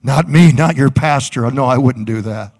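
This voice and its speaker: A man's voice: medium pitch, normal speed, darkish tone, slightly rough. A man preaching a sermon as pastor, fervent and rhythmic, with repeated phrases.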